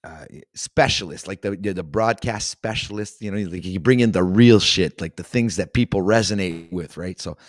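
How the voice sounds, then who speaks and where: A man's voice: sits low, moderate pace, hardly any pauses, no echo, clean studio sound. A man with a Canadian accent hosting a casual livestream talk show, rambling with many fillers and restarts.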